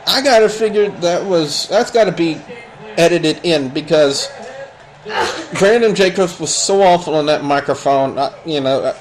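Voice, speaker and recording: A man's voice: on the high side, poor audio. A man giving a blunt, opinionated spoken review of a wrestling show, rambling and restarting his sentences.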